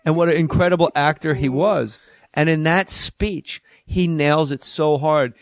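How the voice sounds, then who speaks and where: A man hosting a comedy podcast in a studio. He chats casually, bossy and quick to swear, and tells stories. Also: on the high side, no room sound. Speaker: podcast host.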